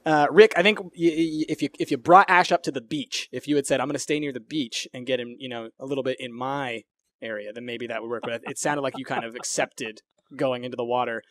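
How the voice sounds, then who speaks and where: A man's voice: medium pitch, steady tone, brisk, fairly bright tone, dry recording. A man moderating a casual debate, laughing often and thinking aloud with many fillers. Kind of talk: casual podcast chat.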